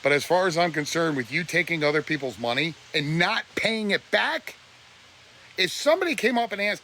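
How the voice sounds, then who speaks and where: A man lecturing his viewers on a live stream, blunt and preachy, sounding close to tears. His voice sits a little high and swoops up and down. Faint noise hums under the phone mic. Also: big pitch swings, fairly quick, pushed and bright. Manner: preachy and blunt, voice breaking with emotion. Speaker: livestreamer. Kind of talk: emotional live-stream rant.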